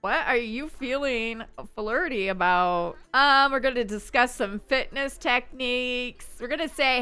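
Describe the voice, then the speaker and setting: A woman's voice: a little high, a little slow, few pauses, pushed and bright, smooth, faint music behind. A woman hosting a gaming channel, chatting her way through gameplay with little gasps and exclamations. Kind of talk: casual let's-play commentary.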